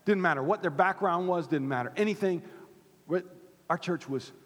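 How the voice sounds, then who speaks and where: A pastor preaching a sermon to his church, swinging from fervent high calls to low, quiet points. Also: normal speed. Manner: impassioned, rising to near-shouts then dropping low. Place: church sanctuary. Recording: long hall reverb.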